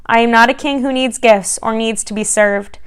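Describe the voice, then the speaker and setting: A gentle, kindly storybook king speaks softly and reassuringly, as a woman reads him aloud. The tone is smooth and resonant, sitting a little high for a king. He sounds patient and calm. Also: normal speed, close to an everyday voice.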